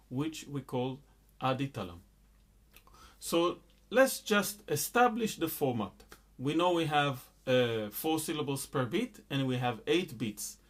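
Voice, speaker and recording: A middle-aged man teaching a rhythm lesson, explaining patiently with frequent fillers and chanting syllables and counts. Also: on the high side. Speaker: music teacher.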